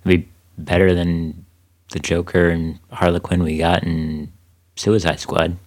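Deep-voiced man joking on a podcast. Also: flat delivery, a little slow, darkish tone. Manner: playful, jokey asides. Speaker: podcast co-host. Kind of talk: casual chat.

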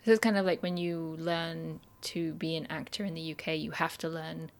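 A woman's voice: low voice, level tone, moderate pace. A woman co-hosting a podcast, chatting casually and enthusiastically. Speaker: podcast co-host. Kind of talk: casual discussion.

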